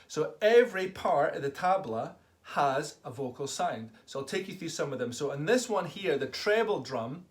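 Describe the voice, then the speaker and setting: A man's voice: a little high, lively intonation, moderate pace, few pauses. Enthusiastic man teaching tabla. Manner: enthusiastic, calls out drum syllables for children to repeat. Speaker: tabla tutor. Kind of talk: online music lesson for children.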